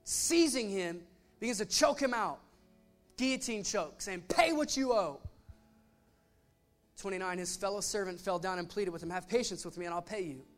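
High-voiced man preaching a casual sermon. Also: moderate pace, soft background music. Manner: animated storytelling with voiced asides. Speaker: pastor.

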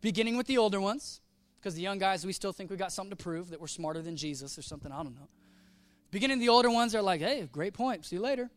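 A man's voice: high voice, fast talker. A man preaching a sermon, telling a story with casual slang and acting out the quoted voices. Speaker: pastor.

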